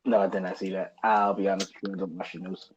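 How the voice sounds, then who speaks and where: A man's voice: low voice, flat delivery, fast talker, a little hiss or hum. A man co-hosting a casual podcast chat, rambling with frequent restarts and swearing when riled. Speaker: podcast co-host. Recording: slightly dull lo-fi sound.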